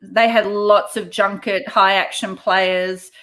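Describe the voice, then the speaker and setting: A woman's voice: medium pitch, level tone, slow, a bit bright, slight background noise. Chatty woman guest. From Australia. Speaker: podcast guest, casino surveillance worker. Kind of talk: casual interview chat.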